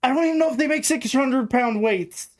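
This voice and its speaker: A woman's voice: high voice, brisk. A woman co-hosting a podcast, ranting bluntly about a customer in casual chat, swearing freely. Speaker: podcast co-host.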